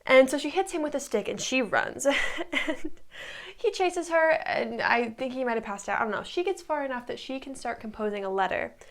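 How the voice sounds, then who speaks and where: A woman's voice: high-pitched, animated, normal speed. A woman in her twenties recapping a TV show in a casual, rambling way, full of likes and ums. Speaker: recap vlogger.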